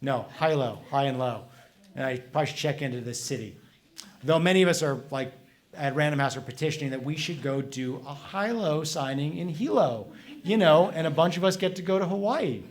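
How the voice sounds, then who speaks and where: A man, a comics author, chatting with an audience at a library event and answering their questions, animated and quick to act out voices in his stories. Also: on the high side. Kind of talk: casual public talk.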